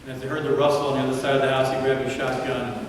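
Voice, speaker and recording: A man preaching a sermon as pastor, telling a story dramatically and dropping to hushed tones at times. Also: medium pitch, level tone, racing, background noise. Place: large church sanctuary. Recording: echoey church hall from far off.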